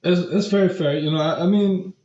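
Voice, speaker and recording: Young man, podcast co-host, casual music chat, exasperated, slightly high voice, echoey room, dull lo-fi sound. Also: brisk. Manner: animated, exasperated, trailing fillers.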